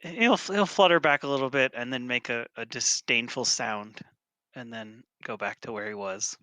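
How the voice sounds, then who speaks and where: Guy playing a tabletop rpg, bright dry voice, joking around. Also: mid-range voice, moderate pace, dry recording. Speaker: player. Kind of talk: tabletop role-play.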